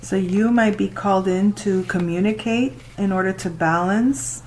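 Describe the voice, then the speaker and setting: A woman doing a casual tarot reading, talking to the listener and reacting out loud with exclamations as she turns the cards. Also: mid-range voice, moderate pace, a little hiss or hum, low-quality recording. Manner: chatty, exclaims and laughs while reading cards. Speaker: tarot reader.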